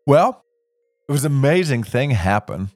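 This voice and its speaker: A man telling a children's story in a gentle, unhurried, expressive way. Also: mid-range voice, no room sound, studio quality, soft background music.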